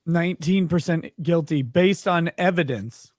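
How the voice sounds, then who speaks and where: A man's voice: on the high side, a little slow, no room sound, studio quality. A man hosting a legal commentary stream, chatting casually with wry asides. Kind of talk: casual live-stream chat.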